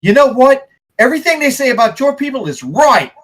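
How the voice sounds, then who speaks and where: A man voicing an angry young male town guard who feels betrayed, shouting and accusing. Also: very high-pitched, very animated, brisk, pitched above the performer's own voice, full character voice. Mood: furious.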